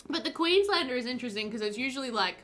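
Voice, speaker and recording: A woman's voice: sits high, lively intonation, racing, fairly bright tone, soft background music. A woman casually chatting on a live stream while playing a game, giggling often and answering viewers' questions. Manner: chatty and giggly, reading sim bios aloud and answering chat.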